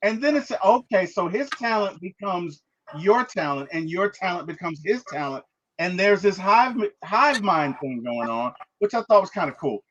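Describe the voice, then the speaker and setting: A man hosting a casual movie review, retelling scenes in an animated way and acting out the characters' lines. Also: sits high, moderate pace, lo-fi sound, a little hiss or hum. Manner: animated storyteller, acts out quotes, frequent "right?".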